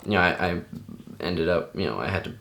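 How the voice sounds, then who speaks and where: A young man recounting a personal memory unscripted, in a halting, earnest way with many restarts and fillers. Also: deep voice, animated, gravelly, fairly bright tone. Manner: stunned, earnest.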